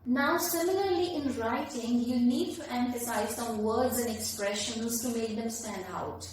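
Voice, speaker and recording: A woman's voice: a little high, measured pace, a little hiss or hum. A woman, teaching a lesson in an emphatic, explanatory manner. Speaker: English teacher. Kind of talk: classroom lesson. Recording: very echoey room, voice from far off the mic.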